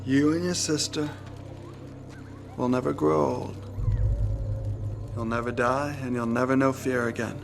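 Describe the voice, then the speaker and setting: An actor playing a menacing adult male vampire leader, speaking low and quietly in a film clip. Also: steady tone, measured pace, creaky, pauses often. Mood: brooding. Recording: film clip with music underneath.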